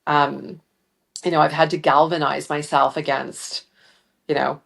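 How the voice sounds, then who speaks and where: A woman's voice: deep voice, level tone, unhurried, gravelly, fairly bright tone. A middle-aged woman talking as an interview guest, reflective and earnest, with frequent "you know" fillers. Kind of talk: casual interview chat.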